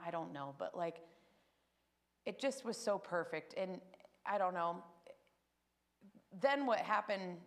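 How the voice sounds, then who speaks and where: Woman giving a spoken testimony, emotional storytelling with a touch of vocal fry. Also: fairly low pitch. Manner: emotional, animated storytelling with acted quotes. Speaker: testimony speaker at church.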